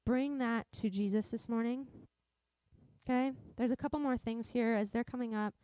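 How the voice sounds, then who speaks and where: A woman's voice: fairly high pitch, normal speed, mellow. A woman from Montana preaching a sermon in a church service, earnest and conversational, often restarting her sentences. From Montana, USA. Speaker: pastor.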